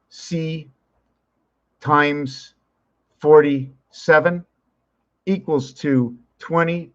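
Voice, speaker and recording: A man rambling to a camera in a mystical, musing way, mixing French and English. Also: fairly high pitch. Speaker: vlogger. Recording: dull lo-fi recording.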